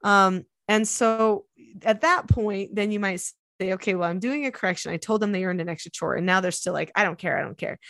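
A middle-aged woman hosting a parenting podcast, explaining steps in a steady, instructive way. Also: medium pitch, no echo. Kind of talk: casual advice chat.

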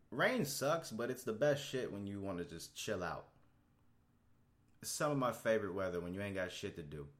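A young man talks alone on his podcast in a low, relaxed voice, rambling and swearing freely. When he gets heated, his voice jumps up sharply. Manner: laid-back, profane and rambling, voice jumping up when worked up. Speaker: podcast host. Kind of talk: casual solo podcast monologue. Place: Houston, Texas.

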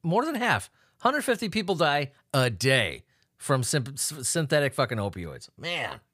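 Male host, fairly high voice, foul-mouthed sarcastic news riffing, dry booth sound. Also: very animated, unhurried, fairly bright tone, no echo. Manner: swearing, laughing, sarcastic asides. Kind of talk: profane comedic news commentary.

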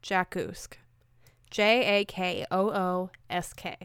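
A woman's voice: fairly low pitch, steady tone, slow pace, a bit bright, clear, resonant tone, no echo, clean studio sound. A woman co-hosting a podcast, chatting casually with lots of ums and trailing sentences. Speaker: podcast co-host. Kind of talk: casual chat.

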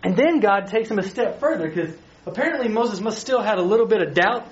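A man's voice: high-pitched, lively intonation, a little fast. A man, a youth pastor, retells a Bible story in a chatty, playful sermon and asks his listeners questions. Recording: slightly dull recording with faint hiss.

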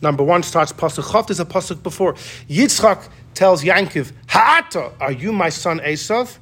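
Animated man teaching a Torah class. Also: sits high, moderate pace, breathy edge. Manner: animated, acts out quotes, many restarts. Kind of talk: casual classroom Torah lesson. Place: classroom with students.

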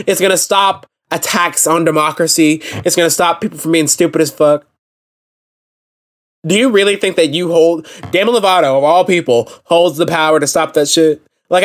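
Man, young adult, podcast host, impassioned, profane, fairly high pitch. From United States. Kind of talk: solo podcast rant.

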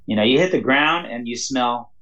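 In a lo-fi recording, a man with a medium-pitched voice speaks at normal speed. He is a pastor and mission leader telling animated stories in a casual interview, often throwing in "you know" and laughing along the way.

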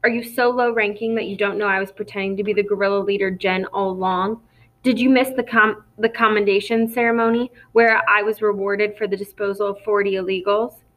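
A woman reading as a scornful, forceful father. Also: mid-range voice, steady tone, a little fast, highs cut off, close to an everyday voice. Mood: scornful, outraged. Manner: cold, sarcastic, commanding. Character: indignant, forceful middle-aged father and official. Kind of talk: audiobook character reading.

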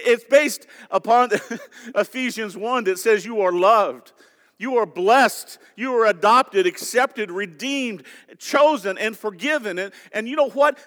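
High-voiced pastor preaching in a reverberant hall. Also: male voice, fairly bright tone. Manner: emphatic preaching with scripture quotes and direct questions to the congregation. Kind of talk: sermon. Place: church sanctuary.

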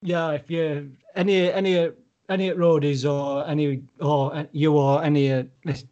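A man's voice: on the high side, level tone, normal speed, dark tone, lo-fi sound. A British man hosting a podcast in casual chat, swearing freely and breaking into playful accent impressions. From Britain. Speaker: podcast host.

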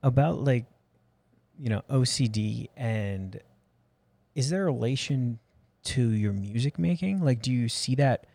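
A man interviewing a guest in casual conversation, relaxed and rambling with many fillers. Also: medium pitch, measured pace, vocal fry, dry recording.

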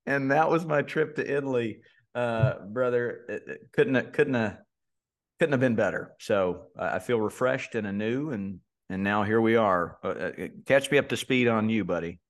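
A man, co-hosting a podcast and telling a story in a relaxed way, with lots of fillers and restarts. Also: mid-range voice, moderate pace. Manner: laid-back storyteller, many fillers and restarts. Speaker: podcast co-host. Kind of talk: casual podcast chat.

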